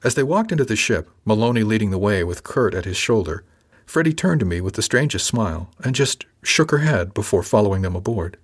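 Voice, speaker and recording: A man reading a novel aloud in first person with a measured, dry delivery. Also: fairly low pitch, expressive, husky. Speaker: audiobook narrator.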